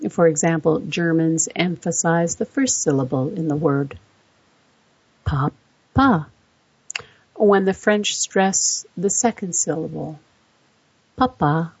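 A woman speaks in a low, gravelly, husky voice as she narrates a voice-over. She walks through facts one by one at an unhurried, measured pace. The recording is dull and lo-fi, with no room sound. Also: a little mellow, no echo. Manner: measured, explaining research facts point by point.

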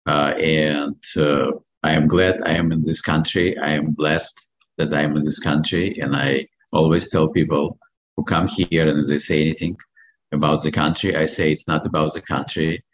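A middle-aged man from Belarus with a Belarusian accent, a guest answering interview questions earnestly and with hesitant pauses. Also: rumbling low, level tone.

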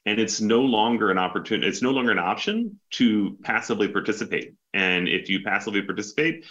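Forceful low-voiced man, dull audio. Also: animated. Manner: earnest, explanatory, measured. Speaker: guest. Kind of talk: casual interview talk.

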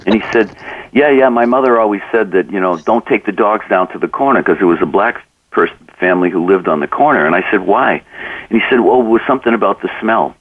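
An author and coach, guest on an interview, earnestly shares anecdotes and acts out the conversations within them. His fairly low voice moves fast, captured from a distance with no echo, and the audio sounds narrow and tinny.

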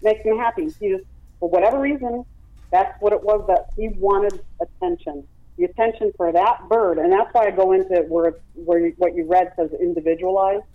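A woman's voice: medium pitch, normal speed, no echo. A woman who runs a parrot rescue, explaining her training at length with examples in a phone-in radio interview. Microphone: telephone. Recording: tinny dry phone line.

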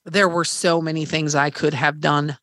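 Woman, podcast host, bright forceful voice, blunt swearing, candid storytelling. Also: low-pitched, moderate pace, no echo, clean studio sound. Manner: swearing, animated retelling with quoted dialogue and laughter. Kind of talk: candid storytelling in casual chat.

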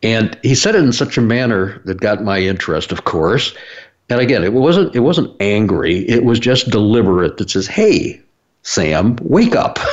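A man's voice: lowish voice, dull audio. A man hosting his own broadcast, telling a story in a rambling way with lots of fillers and restarts. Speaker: broadcast host. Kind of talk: casual explanatory monologue.

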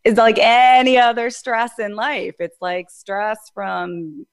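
A woman health coach chatting in a relaxed, wry way with self-deprecating humor. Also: fairly high pitch, takes it slowly, clear, resonant tone. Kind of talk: casual chat.

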